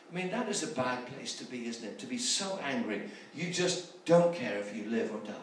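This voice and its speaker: A man's voice: mid-range voice, lively intonation, normal speed. A man preaching a sermon, retelling Bible stories with rhetorical questions and frequent restarts. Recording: echoey room from far off, faint background noise.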